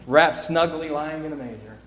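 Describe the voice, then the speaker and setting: A gentle storybook angel brings good news, as a man reads it aloud, slow and solemn. The voice sits a touch high and rings through a big echoing church hall. A faint room hum lingers behind. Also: natural voice. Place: large church sanctuary. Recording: echoey hall reverb, faint room ambience.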